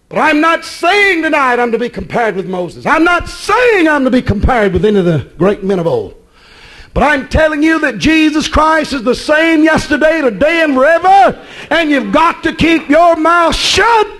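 Preacher guy, real high voice, hollering his sermon in that preaching rhythm. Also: rough recording. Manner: shouting, preaching cadence. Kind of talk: fiery sermon.

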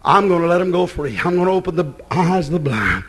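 High, excitable preaching man. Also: fast talker, a crowd in the background. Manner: excitable, shouts in bursts. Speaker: pastor. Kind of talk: preaching sermon.

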